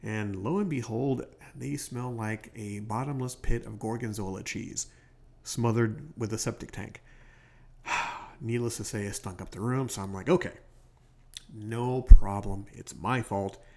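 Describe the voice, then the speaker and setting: A man's voice: lowish voice, steady tone, unhurried, creaky, a little mellow. A man hosting his own podcast, telling a rambling story in a casual late-night monologue from a hotel room, stopping often to correct himself. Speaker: podcast host. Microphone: home podcast microphone.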